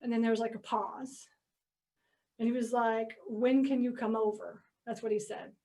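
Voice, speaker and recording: Her fairly high, mellow voice keeps a fairly even intonation at normal speed, heard far from the microphone. She's a Georgia, US real estate investor at a meeting, chatting through a story about buying storage facilities, using "like" and "okay?" a lot and acting out phone calls.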